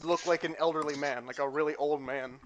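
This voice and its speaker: A man running a tabletop game, narrating scenes in a casual, halting way. His voice sits a little high. There is clear noise in the recording. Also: steady tone, muffled recording. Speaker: game master.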